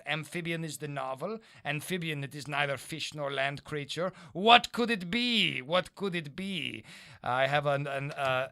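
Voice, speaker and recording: A man's voice: fairly high pitch, gravelly, bright, forceful tone, heavily acted. A comedian putting on a French accent as a theatrical, grandiose Frenchman, speaking in formal, florid phrases. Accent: French (put on). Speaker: comedian guest. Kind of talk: improvised comedy podcast. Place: comedy club podcast room.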